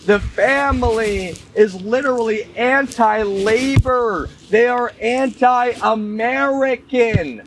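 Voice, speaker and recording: A man with a high voice speaks slowly and insistently, hammering the same points over and over and calling out to his listeners. The recording carries steady background noise. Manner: insistent, repetitive, keeps saying "y'all". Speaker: commentator. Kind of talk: monologue to camera. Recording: noisy recording.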